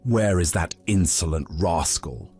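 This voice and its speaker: A man's voice: low voice, unhurried, a little mellow, soft background music. A man voicing an indignant one-eyed monk. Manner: agitated, offended.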